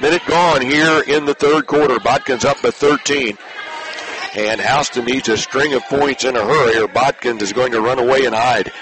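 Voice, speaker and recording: A man announcing a high school basketball game play by play, in brisk clipped calls that rise when a shot scores. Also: steady tone. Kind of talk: basketball radio commentary. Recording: noisy online radio broadcast.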